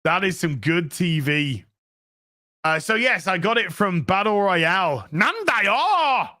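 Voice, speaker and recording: A man hosting a livestream, reading out superchats in an animated, sweary way with quick asides. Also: high voice. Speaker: streamer host.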